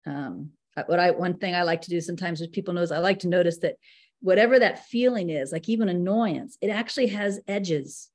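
A woman's voice: fairly low pitch, a little mellow. Woman giving a casual spiritual talk. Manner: conversational, laughs easily, slows to read passages. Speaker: spiritual teacher.

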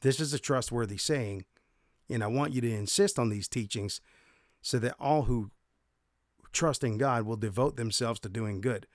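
A man's voice: mid-range voice, normal speed, no echo. Dry, conversational man teaching scripture. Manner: conversational, reads scripture then explains, frequent self-corrections. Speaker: podcast host and Bible teacher. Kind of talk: casual devotional podcast teaching.

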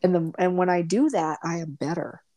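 A woman co-hosting a casual podcast, an animated storyteller who acts out quotes. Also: fairly low pitch, a little fast. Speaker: podcast co-host.

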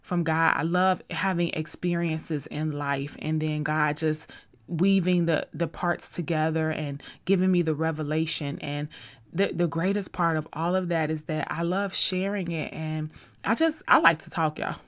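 Chatty woman podcast host, slightly low voice. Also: measured pace. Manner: chatty, rambling and effusive. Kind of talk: casual faith-based podcast monologue. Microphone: studio podcast mic.

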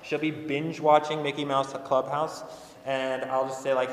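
A man's voice: medium pitch, flat delivery, moderate pace. Young man preaching in an echoing hall. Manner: earnest and conversational, repeating phrases for emphasis. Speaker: pastor. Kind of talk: sermon. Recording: echoey hall with long reverb.

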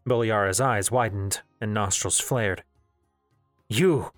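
Man reading a story over soft music. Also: medium pitch, moderate pace, no room sound. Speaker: audiobook narrator. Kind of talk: novel reading.

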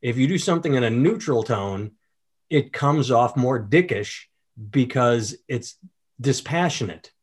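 A man's voice: mid-range voice, expressive, unhurried, breathy edge. Reflective man in casual chat.

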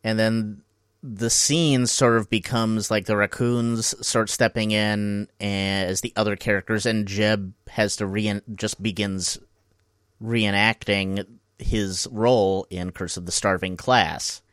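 A man co-hosting a comedy podcast, retelling a surreal episode in a deadpan, storytelling way. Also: fairly low pitch, takes it slowly, clean tone, no room sound, clean studio sound. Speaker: podcast co-host. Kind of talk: casual comedic recap chat.

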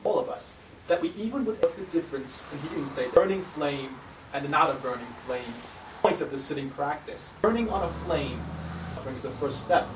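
A man with a slightly high voice asks searching questions from the audience. He sounds far from the mic in a roomy space. Faint noise sits under him. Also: expressive, normal speed. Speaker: audience member asking questions.

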